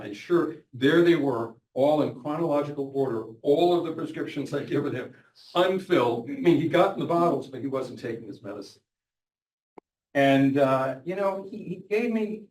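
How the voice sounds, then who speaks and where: An older physician, telling anecdotes about patients and quoting them in lively voices. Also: male voice, medium pitch. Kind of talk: storytelling talk. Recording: echoey room, from a distance.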